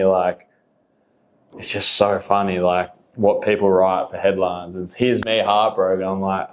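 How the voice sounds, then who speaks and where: A young Australian man speaks as a podcast guest in a loose, rambling way. He leans on fillers and breaks into laughs often, his voice sitting a little low. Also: flat delivery, measured pace, slight background noise. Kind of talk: casual conversation.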